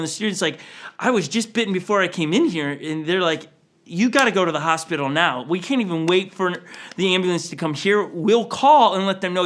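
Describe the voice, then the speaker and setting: A young adult male pastor telling a story in a sermon, animated and acting out what people said. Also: sits high.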